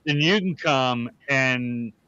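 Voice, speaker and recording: A man's voice: mid-range voice, slow, bright, forceful tone, smooth, dull audio. A man co-hosting a podcast in casual chat, rambling and joking with lots of restarts, over a video call from home. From Arkansas. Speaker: podcast co-host.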